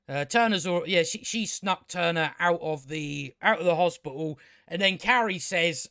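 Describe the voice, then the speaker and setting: A TV show reviewer rants sarcastically, swearing a lot and rambling with plenty of filler words. His fairly high voice is sharp, clear and resonant, moving at normal speed with hardly any pauses. The studio recording is clean, with no echo.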